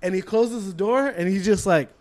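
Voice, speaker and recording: This podcast co-host is a young man with a high-pitched voice talking at normal speed. He tells an animated school story in relaxed conversation, cursing a lot and imitating the voices of the people in it.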